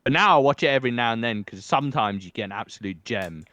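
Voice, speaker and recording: A man's voice: mid-range voice, lively intonation, quick pace, sharp tone, no echo, muffled recording. A man from England co-hosting a podcast, telling stories in casual chat with lots of swearing and acted-out quotes. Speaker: podcast co-host.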